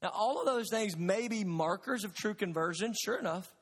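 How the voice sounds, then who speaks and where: A pastor preaches from the pulpit in a high, ringing voice. He is earnest and emphatic and presses the congregation with questions. His words carry a long reverb through the large sanctuary. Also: normal speed, husky. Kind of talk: sermon. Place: church sanctuary.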